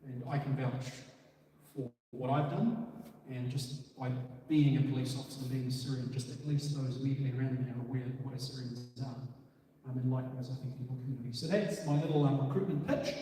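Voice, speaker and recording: A man's voice: medium pitch, fairly even intonation, a little fast, mellow. A man, a police officer giving an earnest, filler-heavy community talk. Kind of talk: community presentation. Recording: echoey hall from far off.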